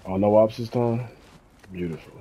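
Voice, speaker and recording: A man's voice: fairly low pitch, moderate pace, mellow. A man giving casual, crude, joking commentary over a video game playthrough. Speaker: gaming streamer.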